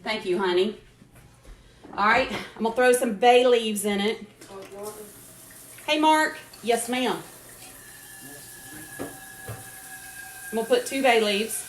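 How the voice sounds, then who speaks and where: Cooking on a live stream from her home kitchen, a chatty woman greets viewers by name, laughs often, and keeps up casual talk. Her voice is on the high side, slow, with frequent pauses, and the kitchen sounds echoey with faint noise.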